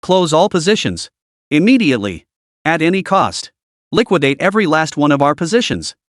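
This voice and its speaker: A man's voice: on the high side, big pitch swings, moderate pace, no room sound, clean studio sound. A man voicing an angry, commanding male Wall Street boss in a storybook recap. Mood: furious.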